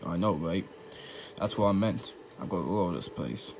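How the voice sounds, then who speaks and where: A man voicing a boastful male koopa king villain in a fan comedy, talking gruffly and smugly. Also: sits low, animated, moderate pace, a little mellow, a little hiss or hum, voice pushed down. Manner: gruff, smug bragging.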